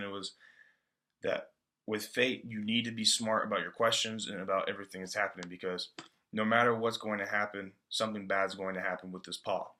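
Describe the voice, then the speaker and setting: A man's voice: fairly low pitch, sharp tone. A man giving a casual book-report talk in a loose, slangy way, full of fillers. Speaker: student presenter.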